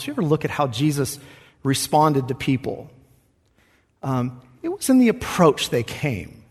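A man's voice: medium pitch, husky, long reverb tail. A man preaching a sermon as pastor, earnest and conversational, acting out quoted voices as he goes.

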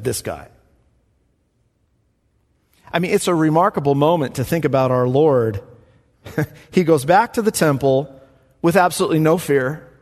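A male pastor delivers a lively sermon in a high, very expressive voice that swoops up and down. He talks like he's chatting with the congregation, then pushes hard on key lines. His voice rings out with a long echo through a large hall. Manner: animated, conversational preaching with bursts of emphasis. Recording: echoey hall with long reverb.

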